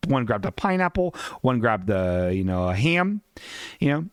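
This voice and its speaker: Rambling profane podcast guy, pitch all over the place, dry close sound. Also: moderate pace, clear, resonant tone, dry recording. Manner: animated, rambling, profane, laughs often. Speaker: podcast host. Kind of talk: comedic podcast commentary.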